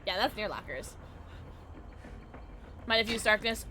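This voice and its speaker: A woman streaming a game, chatting casually with viewers in an excitable way, with sudden high yelps and laughs. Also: normal speed, pauses often. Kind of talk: casual livestream chat while gaming. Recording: game music behind the voice. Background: game music.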